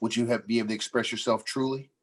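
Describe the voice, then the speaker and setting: A man's voice: medium pitch, fairly even intonation, very fast. Emphatic man coaching a workshop. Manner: emphatic, repeats phrases, jokey then earnest. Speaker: workshop facilitator. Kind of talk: interactive mentoring workshop. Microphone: video call.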